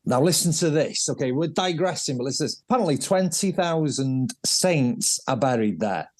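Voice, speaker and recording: A man, a race director telling stories as a guest in a casual interview, jokey and animated. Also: fairly high pitch, moderate pace, no echo. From North Wales.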